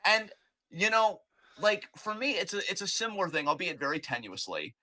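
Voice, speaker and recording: A man's voice: high voice, lively intonation, normal speed, bright, forceful tone. A man co-hosting a podcast, ranting in casual, profane, rambling chat. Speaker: podcast co-host.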